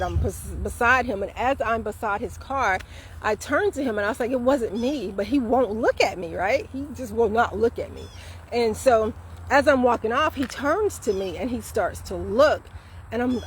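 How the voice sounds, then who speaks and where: A woman in her fifties, a vlog host, casually retelling a story in a chatty, animated way with fillers. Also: medium pitch, slight background noise. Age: 50s.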